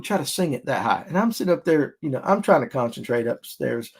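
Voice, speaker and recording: Animated man telling stories. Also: on the high side, a little fast, few pauses. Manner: animated storyteller who acts out other people's lines. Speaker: fishing podcast host. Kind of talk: casual storytelling podcast.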